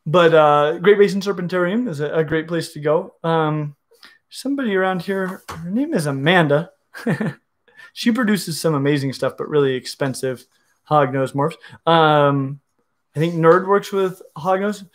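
A man's voice: on the high side, moderate pace. A middle-aged man, a reptile educator, answering viewer questions in an enthusiastic, explanatory way, often restarting his sentences. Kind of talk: casual livestream Q&A.

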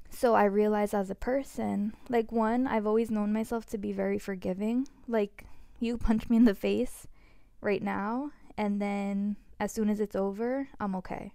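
Gravelly reflective woman sharing. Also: mid-range voice, mellow, dry recording, studio quality. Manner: reflective, many "like" fillers. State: voice shaking with emotion. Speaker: podcast co-host. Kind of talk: vulnerable personal sharing.

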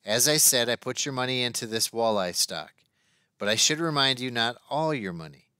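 A man voicing a careful, apologetic stockbroker who explains things in a measured way. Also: medium pitch, expressive, bright, forceful tone, smooth, no room sound, studio quality. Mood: explaining.

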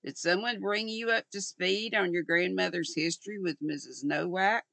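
A woman's voice: fairly low pitch, moderate pace, creaky, bright, forceful tone, dry recording. An older woman reading aloud and voicing a dry-humored male small-town sheriff with curt, teasing lines.

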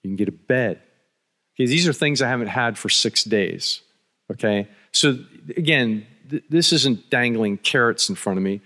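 A man's voice carries through a large conference hall, with the reverb trailing after each phrase. He is from Philadelphia and tells a personal story in a chatty, anecdotal way, with dry jokes and frequent restarts. His pitch sits in the middle range. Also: animated, moderate pace, sharp tone. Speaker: conference speaker. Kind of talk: storytelling talk.

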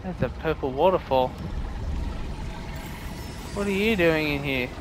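A man talks through a horror game in a fairly high voice. He cracks jokes, swears freely and yelps when startled. A constant noise sits beneath his voice. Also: a little slow. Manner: jokey, swears, reacts loudly to scares. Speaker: gaming video creator. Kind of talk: let's play commentary.

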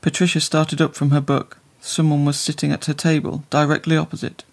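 A man reading a literary story aloud in measured, scripted narration. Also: on the high side, completely flat delivery, gravelly. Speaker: audiobook narrator.

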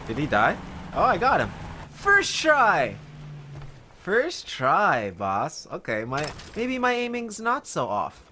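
A man giving casual, jokey commentary while playing a video game, talking to himself and the in-game dog with sudden excited outbursts. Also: high-pitched, slow, slight background noise. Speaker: gaming video host.

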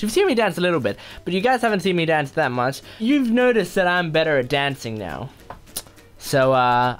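A woman hosting a gaming video, chatting casually over her gameplay, excitable and giggly, breaking into sung dance noises. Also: low voice.

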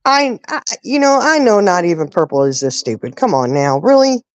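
Woman host, low voice, dry sound, indignant ranting delivery. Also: sing-song, moderate pace, dry recording. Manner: indignant, ranting, rhetorical questions. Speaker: live stream host. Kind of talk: casual live-stream talk.

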